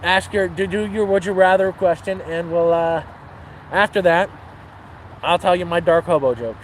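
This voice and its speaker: Man, casual livestream chat, crude, high-pitched, faint street noise. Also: normal speed, low-quality recording. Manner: crude, swearing, laid-back. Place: outdoors near water.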